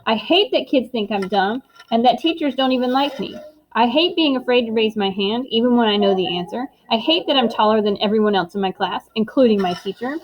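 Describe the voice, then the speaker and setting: A woman's voice: fairly high pitch, fairly quick, rough recording. A woman reading a middle-grade novel aloud in the first person, with plain and earnest storytelling. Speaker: audiobook narrator. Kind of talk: first-person audiobook narration.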